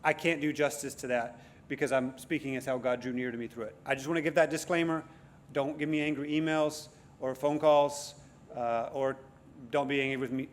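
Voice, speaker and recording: A man's voice: mid-range voice, a little hiss or hum. A man preaching a sermon to a congregation in a conversational, self-deprecating way, with frequent restarts and fillers. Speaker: guest preacher.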